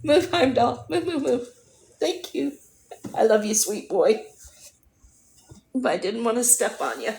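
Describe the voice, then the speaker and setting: A woman hosting a livestream, chatting casually with viewers in a rambling way, her voice hoarse and going. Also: on the high side, very animated, unhurried, long pauses, darkish tone. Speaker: livestream host. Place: at home.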